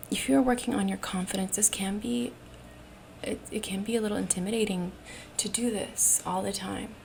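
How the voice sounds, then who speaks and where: A woman giving a self-help talk, speaking slowly and deliberately, often dropping into a breathy near-whisper. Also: mid-range voice, darkish tone, a little hiss or hum. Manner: demonstrates different ways of speaking.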